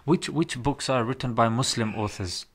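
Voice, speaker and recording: A man talks on a casual podcast, explaining points with animated emphasis. His voice sits at a medium pitch. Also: normal speed, slightly rough. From England. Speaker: podcast guest.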